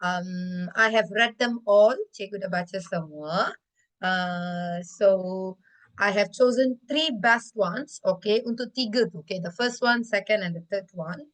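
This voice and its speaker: A woman's voice: mid-range voice, measured pace, fairly bright tone, low-quality recording. A woman teacher, talking to her class and slipping between English and Malay with frequent fillers. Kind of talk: classroom lesson, reviewing student comics.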